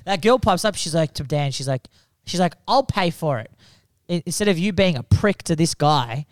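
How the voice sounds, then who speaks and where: Aussie guy spinning a funny story, voice a bit high, dry close sound. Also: moderate pace, no room sound. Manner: animated storyteller, acts out quoted people, laughs often. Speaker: comedian. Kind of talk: casual storytelling chat.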